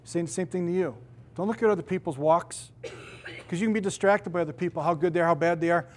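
A middle-aged man, a pastor, preaching a sermon with emphatic, drawn-out stresses on key words. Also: high voice.

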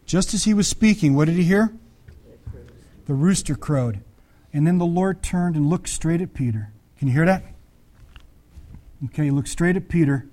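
A pastor with a mellow, slightly high voice speaks at normal speed, leaving long pauses. His sermon is conversational: he asks the audience questions and acts out the Bible voices in the story.

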